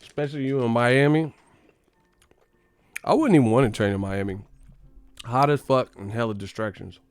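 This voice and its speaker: Male streamer, mid-pitched, dry close sound, slangy profane joking rant. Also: moderate pace, clean tone, dry recording, faint music behind. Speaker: boxing live-stream host. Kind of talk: casual live-stream rant.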